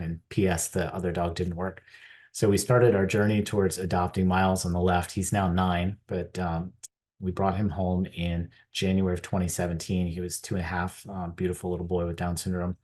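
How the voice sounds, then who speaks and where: Deep-voiced middle-aged American man giving a keynote. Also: moderate pace. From United States. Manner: earnest, animated storytelling with voiced quotes. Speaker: keynote speaker. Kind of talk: personal storytelling keynote. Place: conference stage.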